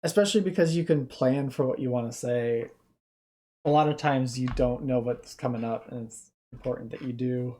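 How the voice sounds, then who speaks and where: Mellow, tired-sounding streamer, hesitant casual commentary, mid pitch. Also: normal speed. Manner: low-energy, hesitant, many restarts. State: subdued and tired. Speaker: reaction streamer.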